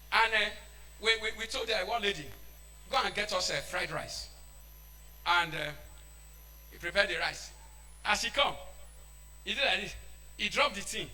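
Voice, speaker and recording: A man with a Nigerian accent preaching a sermon, shouting and switching into Pidgin. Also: high-pitched.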